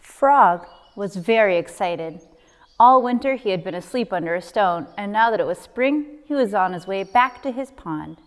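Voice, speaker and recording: A woman's voice: medium pitch, lively intonation, normal speed, long reverb tail. A woman, a nature center coordinator, reading a children's book aloud expressively with sound effects.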